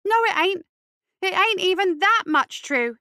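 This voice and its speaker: A woman voicing a scrawny little street urchin boy who mocks and scorns in rough slang. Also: very high voice, expressive, measured pace, pushed and bright, no room sound, clean studio sound, voice pushed up, full character voice. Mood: mocking. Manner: mocking, contemptuous, drawling slang.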